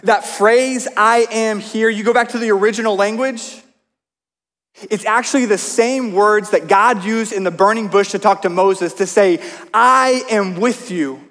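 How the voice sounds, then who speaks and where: A man's voice: sits high, fairly bright tone. A man preaching a sermon, telling stories in a conversational way with asides to the congregation. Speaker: pastor. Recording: long hall reverb.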